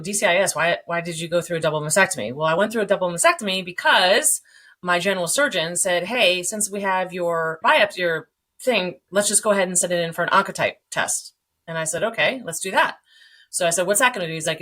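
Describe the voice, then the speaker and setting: A woman in her forties telling her story as a podcast guest, animated, acting out quoted dialogue, swearing and laughing along the way. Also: fairly low pitch. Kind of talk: candid storytelling.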